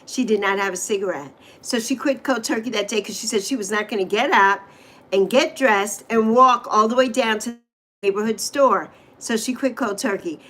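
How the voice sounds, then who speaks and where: A woman's voice: fairly high pitch, normal speed, a bit bright, slight background noise, poor audio. A middle-aged woman from the Virgin Islands hosting a casual livestream, chatting and rambling between stories and greeting viewers by name. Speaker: livestream host.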